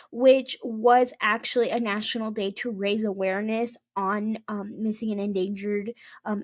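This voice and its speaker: A woman's voice: fairly high pitch, no room sound, clean studio sound. Chatty young woman podcast host. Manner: chatty and digressive, many ums and restarts. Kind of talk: casual storytelling podcast.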